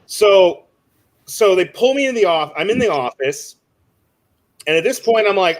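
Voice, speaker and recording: A young man on a discussion panel, telling a story in a casual, animated way with a lot of swearing. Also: sits high, moderate pace. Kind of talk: casual chat.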